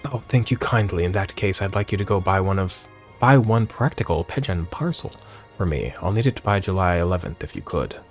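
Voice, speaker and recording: A man doing a gruff old pirate-voiced bird keeper. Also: low-pitched, lively intonation, a little fast, soft background music. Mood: worried, pleading. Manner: pleading, worried. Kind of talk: reading game dialogue aloud.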